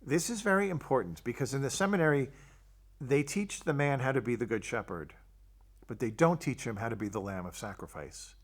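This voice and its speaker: A man's voice: medium pitch, lively intonation, brisk. An older man, a Catholic priest, telling his personal testimony and acting out the dialogue he quotes. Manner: storytelling, acts out quoted dialogue.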